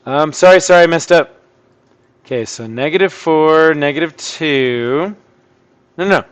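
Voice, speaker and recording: A man teaching an online math lesson, working through problems out loud in a chatty way and breaking into surprised exclamations. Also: on the high side, unhurried, smooth. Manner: thinking aloud, chatty, with sudden surprised outbursts.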